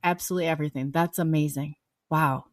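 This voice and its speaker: A woman hosts a radio interview and reacts to her guest with enthusiastic, affirming remarks. Her voice sits fairly low and sounds dry and close. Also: fairly even intonation, quick pace, dry recording. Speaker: radio show host.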